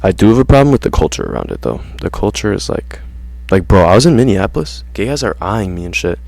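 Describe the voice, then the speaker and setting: A man's voice: low-pitched, sing-song, fast, vocal fry, darkish tone, no echo. A man ranting casually to his viewers in slangy, profane talk, saying "bro" constantly. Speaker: vlogger. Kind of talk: casual rant to camera.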